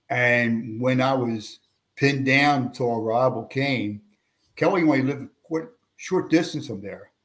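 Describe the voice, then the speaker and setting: An older man from Pennsylvania recounts stories as a podcast guest. His mid-range voice lifts sharply when he acts out other people's lines. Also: medium pitch. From Pennsylvania, USA. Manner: animated anecdotes with raised voices for quoted people. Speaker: guest, veteran and retired police officer. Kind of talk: storytelling in a podcast interview.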